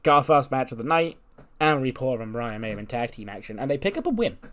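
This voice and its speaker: A man's voice: mid-range voice, animated, quick pace. A man casually narrating and reviewing a wrestling sim game, chatty and full of fillers. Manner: chatty, many "like" and "you know" fillers. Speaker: game commentator. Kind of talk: casual let's-play narration.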